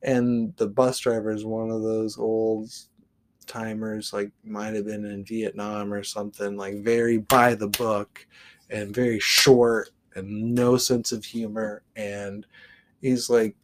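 A man's voice: on the low side, little pitch movement, slow. A man from the Portland area hosting a podcast, telling a story casually with lots of swearing and filler words. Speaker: podcast host.

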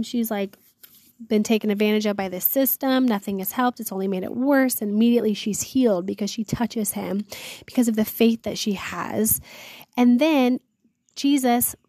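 A woman's voice: fairly high pitch, dark tone, no room sound. Earnest woman retelling scripture casually. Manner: reads scripture aloud, then retells it in chatty slang; earnest, awed, often exclaims "wow". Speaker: host of a Bible devotional series. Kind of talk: casual Bible reading and reflection.

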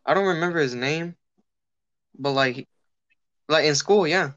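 A man's voice: on the high side, unhurried, dry recording, dull audio. A young man chatting casually, swearing freely and telling a story while acting out the people in it. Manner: animated, swearing, acts out quoted people.

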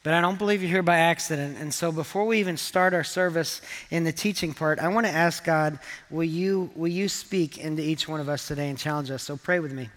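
Bright-voiced male pastor in a reverberant hall. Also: on the high side, steady tone, fairly quick. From England. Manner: earnest, conversational preaching with light humor. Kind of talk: sermon. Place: church auditorium.

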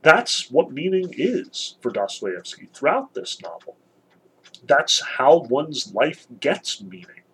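A man's voice: fairly high pitch, very animated, slow pace, a bit bright, a little hiss or hum, rough recording. A man giving a conversational literature lecture, explaining with frequent "um" and "you know".

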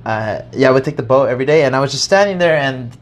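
A man's voice: medium pitch, animated, fast. A young American man co-hosting a podcast and telling a rambling story, laughing as he goes. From United States. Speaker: podcast co-host. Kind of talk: casual chat.

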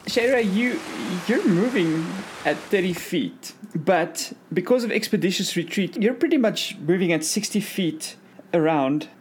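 Woman gm narrating the scene, lowish voice, faint hum behind. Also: measured pace. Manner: steady descriptive narration. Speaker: game master. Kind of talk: narrating a tabletop game.

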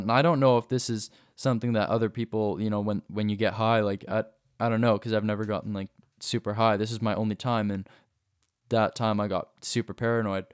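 A man's voice: on the low side, smooth. A young man casually telling a personal story, rambling with many fillers and restarts. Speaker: vlogger.

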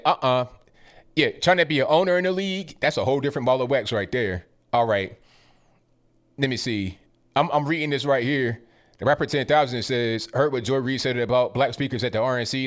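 A man hosting a live commentary stream, talking bluntly and dismissively, rambling with frequent restarts. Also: mid-range voice. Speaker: livestream commentary host. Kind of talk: casual political commentary stream.

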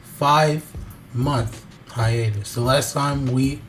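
A man's voice: medium pitch, steady tone, takes it slowly, faint music behind. A young man co-hosting a podcast in casual banter, rambling with restarts. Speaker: podcast co-host.

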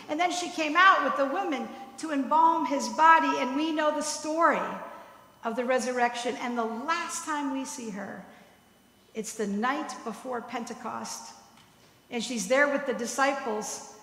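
Woman preacher with a high, bright voice who tells stories and checks in with "right?", heard in a reverberant hall. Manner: storytelling, tagging points with "right?". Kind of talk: sermon. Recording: echoey hall with long reverb.

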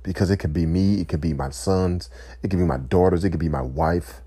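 A man giving an impassioned, emotional speech, weary and close to tears, pausing to collect himself. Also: low voice, mellow, slightly rough, no room sound. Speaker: speaker addressing listeners.

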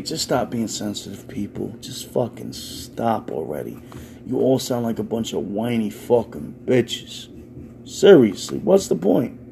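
Swearing New man ranting. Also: medium pitch. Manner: loud, swearing, ranting, animated. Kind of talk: profane stand-up style rant. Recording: faint background noise.

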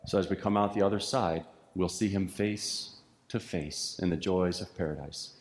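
A pastor preaching a sermon with an earnest, repetitive preaching cadence, heard in a church sanctuary. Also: male voice, sits low, normal speed. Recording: echoey church hall with long reverb.

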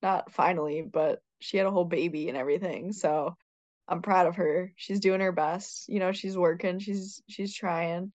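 A woman's voice: on the low side, fairly even intonation, moderate pace, a little mellow, dry recording. A woman co-hosting a podcast, chatting in a playful, opinionated way. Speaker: podcast co-host. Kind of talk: casual chat. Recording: dry, dull lo-fi mic.

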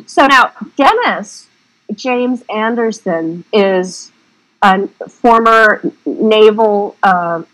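A woman's voice: medium pitch, animated, drawn-out words, a bit bright, poor audio. Woman director, casual interview, chatty and rambling with a frank, salty streak. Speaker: independent film director.

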